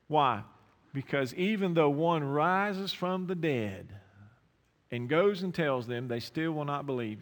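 A man's voice: fairly high pitch, fairly bright tone, in a large hall. A man preaching a sermon to his congregation, putting rhetorical questions to the listeners. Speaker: pastor. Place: church sanctuary.

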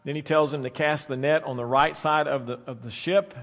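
A man preaching a sermon as pastor, swinging between soft, drawn-out phrases and loud, emphatic bursts. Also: a little high, steady tone. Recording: long reverb of a large hall.

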